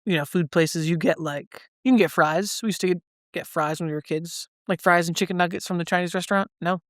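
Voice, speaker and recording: A man's voice: sits high, fairly even intonation, fairly quick, no echo, clean studio sound. A man co-hosting a podcast, chatting casually and rambling through his stories with lots of "like" fillers. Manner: rambling, loose, full of "like" fillers. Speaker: podcast co-host. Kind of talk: casual chat.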